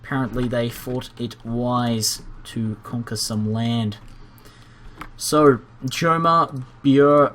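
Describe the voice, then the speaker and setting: Young guy narrating a strategy game, dry and wry, middle pitch, even delivery. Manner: measured, dry, lightly wry. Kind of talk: narrated game timeline commentary.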